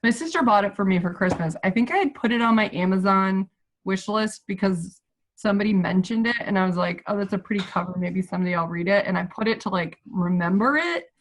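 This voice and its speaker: A woman's voice: medium pitch, brisk. A woman guest on a casual book chat, talking in a rambling, heartfelt way with many restarts. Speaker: podcast guest.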